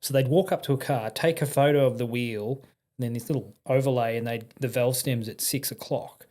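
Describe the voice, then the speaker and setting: Aussie guy on a podcast, blunt chatty yarns, lots of slang and restarts, mid-pitched voice. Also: a little fast. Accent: Australian. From Australia. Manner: blunt, lively anecdotes with frequent restarts and slang. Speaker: podcast guest. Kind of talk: casual conversational storytelling.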